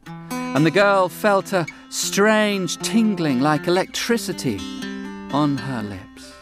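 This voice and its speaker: A man telling a folk tale with unhurried, dramatic pauses and folksy asides, over guitar music. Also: fairly high pitch. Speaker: storyteller. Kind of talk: oral storytelling.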